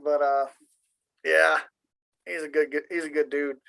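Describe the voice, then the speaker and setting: A man's voice: on the high side, level tone, unhurried, vocal fry, sharp tone, rough recording. A man from Michigan chatting casually on a video call, rambling and joking in an easygoing way. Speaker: meeting participant. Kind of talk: casual chat.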